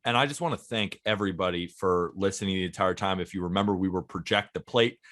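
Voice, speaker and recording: A man's voice: fairly low pitch, a bit bright. A man in his twenties co-hosting a casual podcast, earnest and eager, talking in long runs. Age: 20s. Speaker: podcast co-host.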